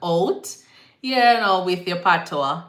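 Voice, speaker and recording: A young Jamaican nurse talks casually to viewers on a live stream, sliding into patois phrasing. Her voice sits a little low but rings bright. The room around her sounds echoey. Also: lively intonation, slow pace.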